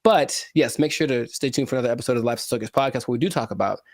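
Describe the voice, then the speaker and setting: Brief: young male co-host, mid-pitched, playful and theatrical, dry close sound. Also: rapid-fire, dry recording. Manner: jokey, mock-dramatic asides. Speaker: podcast co-host. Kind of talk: casual chat.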